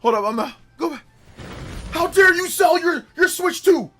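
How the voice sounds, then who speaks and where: A livestream host doing a mocking impression of a loud, insulting male gaming fanboy. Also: very high-pitched, lively intonation, normal speed, loud music behind the voice, pitched above the performer's own voice. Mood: mocking, shrill. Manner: loud mocking shouts with laughs.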